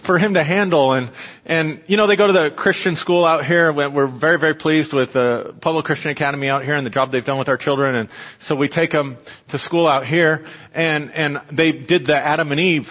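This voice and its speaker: A man in his thirties with a fairly high voice preaches to his congregation, chatting through a family story with plenty of restarts. The sound is dull and lo-fi, with a long reverb tail like a large church hall. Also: brisk. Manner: storytelling, conversational with repeated restarts. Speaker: pastor. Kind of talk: sermon.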